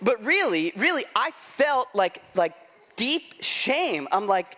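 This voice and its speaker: A man's voice: sits high, takes it slowly. A man preaching a sermon as pastor, telling stories in a chatty, self-mocking way with lots of "like" and "right?". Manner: animated storytelling with self-deprecating humor; conversational, frequent "like" and "right?".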